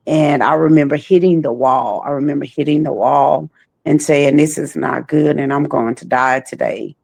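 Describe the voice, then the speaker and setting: Gravelly low-voiced woman telling her story. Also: darkish tone, no echo. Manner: slow, halting, repeats phrases. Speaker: trafficking survivor guest. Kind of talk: personal testimony.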